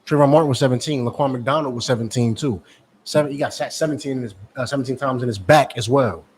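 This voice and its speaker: Forceful man preaching on the street. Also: mid-range voice, fast, slightly rough. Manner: forceful, scolding, repetitive preaching.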